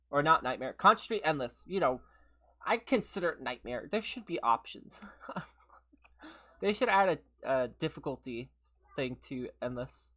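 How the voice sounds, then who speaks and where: A young adult game streamer chatting casually with viewers while playing, a little hoarse after being sick, laughing often and greeting people by name. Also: mid-range voice, sharp tone. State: slightly hoarse from a recent illness. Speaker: gaming livestreamer.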